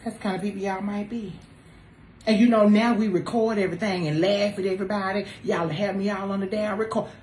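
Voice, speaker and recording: A woman on a talk show panel chatting casually with friends, animated and teasing, jumping between loud exclamations and low asides. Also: a little fast. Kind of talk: casual group chat. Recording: roomy echo with faint noise.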